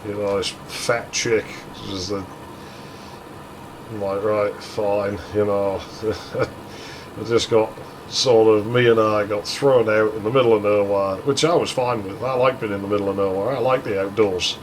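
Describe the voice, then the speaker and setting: A man's voice: lowish voice, steady tone, normal speed, a little hiss or hum, rough recording. Crude, rambling man. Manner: rambling, crude, swears freely, laughs often. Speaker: gaming channel host. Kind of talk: casual storytelling over gameplay.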